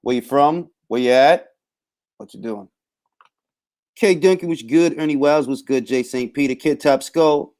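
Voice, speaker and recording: A man's voice: mid-range voice, normal speed, darkish tone. Man, casual live-stream host, laid-back, talks boxing, greets viewers by name.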